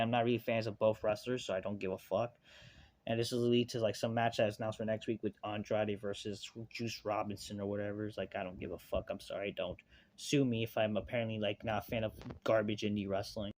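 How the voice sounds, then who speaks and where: A man's voice: medium pitch, a bit bright, no room sound. A man reviewing a wrestling show in a casual, profane rant, sarcastic and dismissive, rambling with lots of fillers. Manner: loose and rambling, with many fillers like "like".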